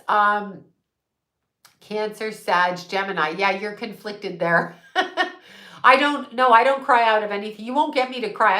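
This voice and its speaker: A woman's voice: on the high side, pushed and bright, echoey room. A middle-aged woman, a psychic medium, chatting casually and bluntly, swearing freely and laughing often. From United States. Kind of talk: casual livestream chat.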